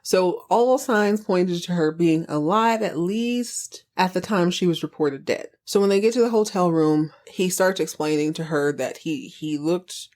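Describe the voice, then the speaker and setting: A woman's voice: fairly low pitch, darkish tone. A woman podcast host giving a chatty, sassy recap of a TV episode, wandering off on tangents as she goes.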